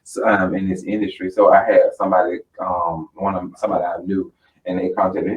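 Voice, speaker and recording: A man's voice: low-pitched, flat delivery, fairly quick. A man hosting a radio talk show in casual chat, rambling with many ums. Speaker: radio host. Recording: distant, dull lo-fi sound.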